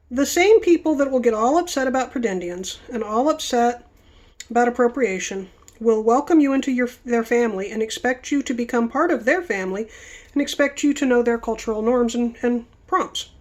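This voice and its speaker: A woman vlogger rambles through casual stories, chatty and self-interrupting. Her voice sits slightly high for a woman. She talks while busy with a task at hand. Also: lively intonation, moderate pace. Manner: working with her hands while talking.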